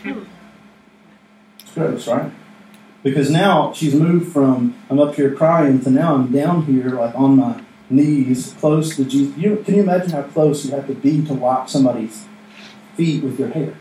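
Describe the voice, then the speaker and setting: A man's voice: mid-range voice, moderate pace, warm tone, a little hiss or hum. A man preaching a casual, conversational sermon as a pastor, joking with the room and acting out little asides. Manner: conversational, jokey, acts out asides. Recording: echoey room, mic from a distance.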